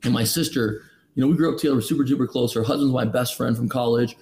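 Podcast guest, man in his thirties, mid-pitched, candid and preachy, fond of rhetorical questions. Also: fairly even intonation, fast, darkish tone. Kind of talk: candid motivational storytelling.

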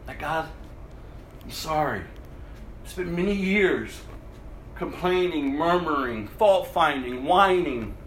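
A man delivers a lively sermon, his voice high and bright. He laughs easily and slips into mocking whiny asides. The room is echoey with a faint hum of ambience. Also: slow, pauses often. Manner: animated, laughs often, mimics whiny voices. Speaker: pastor.

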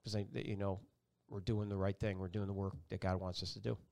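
Middle-aged male guest, storyteller, animated delivery, voices the people in his anecdotes. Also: sits low, brisk, vocal fry. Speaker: chief meteorologist, guest. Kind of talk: personal storytelling in an interview.

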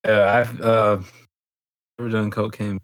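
A man's voice: on the low side, flat delivery, a little slow, a bit bright, no room sound. A man co-hosting a casual podcast, laughing a lot and reacting in short bits. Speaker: podcast co-host. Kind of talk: casual chat.

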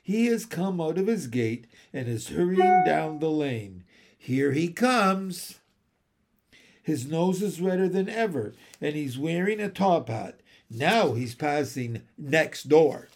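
A man's voice: on the high side, lively intonation, slow, creaky, darkish tone, heavily acted. A man voicing a curious young boy who chats and describes what he sees, in a storybook reading. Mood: chatty. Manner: chatty, describing.

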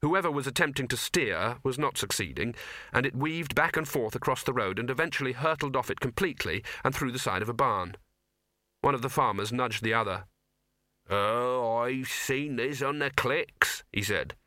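A man narrating a comic fantasy audiobook in a wry, expressive storytelling manner. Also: medium pitch, a little fast, dry recording, studio quality. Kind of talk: scripted narration.

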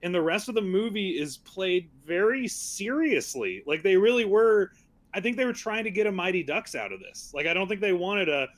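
Guy cohosting a movie podcast, kinda high voice, sarcastic, laughs a lot, says like constantly. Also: animated, moderate pace. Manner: sarcastic, laughs often, many "like" fillers. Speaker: podcast co-host. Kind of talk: casual movie review chat.

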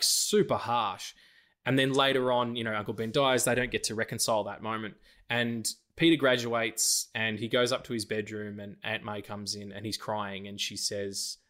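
A podcast co-host with a lowish voice talks at normal speed in a casual, animated chat. He swears a lot and quotes lines from films.

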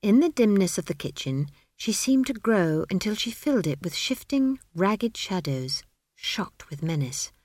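An expressive woman reads a storybook as an audiobook narrator, delivering scripted narration at a measured pace. Her voice is mid-range, and the recording is dry with clean studio sound.

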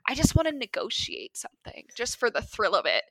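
Bright chatty young woman podcaster. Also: fairly high pitch, sing-song, breathy edge, no room sound. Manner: chatty, quick reactions, filler-heavy. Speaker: podcast co-host. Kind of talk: casual chat.

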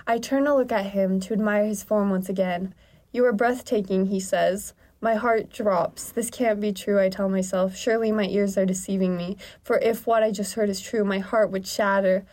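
A woman's voice: mid-range voice, fairly even intonation, moderate pace, few pauses, darkish tone. A woman co-hosting a comedy podcast, reading a silly romance story aloud in a melodramatic, hammy way and breaking into laughter. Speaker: podcast co-host.

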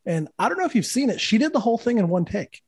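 A man's voice: high-pitched, big pitch swings, fast, breathy edge, no echo. A man in his thirties, a podcast host and guitar teacher, telling stories in casual conversation, swearing freely and acting out the voices of the people he quotes.

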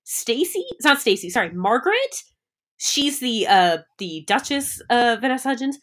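A woman co-hosting a casual chat, rambling and animated, full of fillers and restarts. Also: fairly high pitch, normal speed. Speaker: podcast co-host. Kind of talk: casual chat about a movie.

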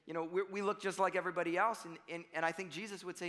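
Racing along, a young pastor preaches casually to his congregation from the front of the church, his voice high and bright under long hall reverb. He shifts between loud emphasis on key lines and almost whispered asides.

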